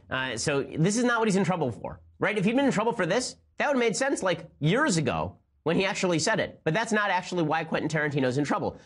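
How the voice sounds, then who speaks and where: Rapid-fire sarcastic male commentator. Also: fairly high pitch. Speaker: host. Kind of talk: fast political commentary.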